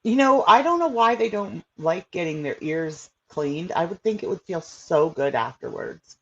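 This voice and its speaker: A woman's voice: fairly low pitch, lively intonation, normal speed, a little hiss or hum. A woman hosts a laid-back livestream and talks straight to her viewers. Her talk rambles and loops, full of fillers. The audio is dull and lo-fi. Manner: chatty and rambling, with many fillers. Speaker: livestream host. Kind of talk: casual livestream chat reacting to viewers.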